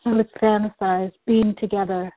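A woman of middle pitch echoes phrases back in a soft, reflective way as a client in a guided tapping session. Her voice comes through a thin, phone-like line that sounds dry and close. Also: little pitch movement, normal speed.

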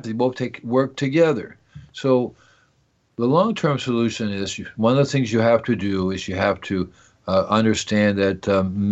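A man's voice: on the low side, lo-fi sound. A man hosting an organic gardening radio show, talking in a rambling, jokey way, asking himself questions and circling back to his points. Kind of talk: casual call-in gardening talk.

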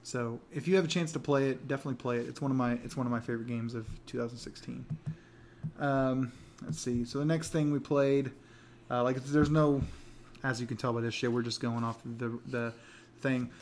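A man co-hosting a casual gaming podcast, talking in loose run-on stretches full of restarts and quick laughs. His voice sits at an ordinary middle pitch, with a faint hiss of noise under the recording. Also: steady tone, a little mellow. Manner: rambling, laughs often, many restarts. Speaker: podcast co-host.

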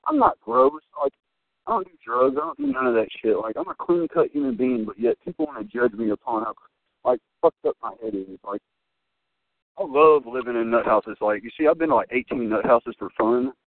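A young man with a gravelly, creaky voice tells profane, excitable stories, his pitch leaping all over as he rambles. He comes through a dry, tinny, phone-like line. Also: fairly quick, dry recording. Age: young adult. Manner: profane, excitable, filler-heavy. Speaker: wrestling guest. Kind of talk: rambling storytelling.

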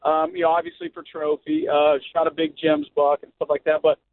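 Caller, late-20s man, chatty and warm, high gravelly voice, phone-line sound. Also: big pitch swings, brisk. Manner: friendly, chatty, calls the host brother. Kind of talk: casual phone-in chat.

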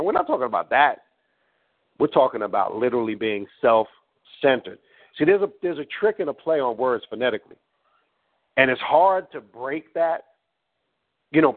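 A man hosting a talk and teaching in a blunt, preachy way, swearing as he goes. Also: medium pitch. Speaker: host. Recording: tinny phone-like line.

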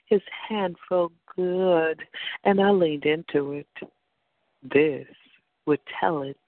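A man narrating an erotic story in a slow, sensual reading. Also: fairly high pitch, dry recording. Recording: dry phone-like sound.

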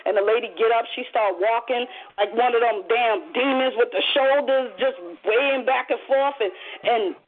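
A woman casually telling a story on a call, animated and profane, acting out the voices in it. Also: on the high side, normal speed. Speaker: caller. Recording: muffled phone line.

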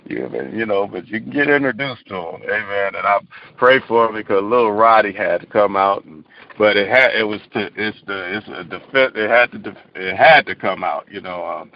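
A man's voice: lowish voice, normal speed, gravelly. Tired man hosting a phone prayer line. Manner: laughs often, says amen between phrases. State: tired from lack of sleep. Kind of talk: casual call-in prayer line chat. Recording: muffled phone call audio.

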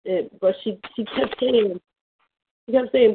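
A woman's voice: on the high side, measured pace, pauses often, husky. A woman giving an earnest, emotional personal testimony on a prayer call, often restarting her sentences. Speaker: caller sharing a testimony. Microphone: phone. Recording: tinny phone line.

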